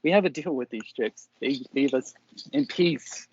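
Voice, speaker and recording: A man's voice: medium pitch, measured pace, darkish tone, lo-fi sound, slight background noise, natural voice. A man voicing a wary, nervous male dwarf who leads a mine of former slaves and keeps repeating himself when pleading.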